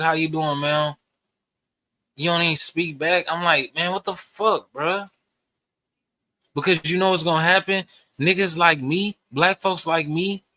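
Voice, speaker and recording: A man's voice: on the high side, bright, forceful tone, dry recording. A young man, ranting profanely to camera in a heated, rambling way. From Texas. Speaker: vlogger. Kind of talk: casual rant to camera.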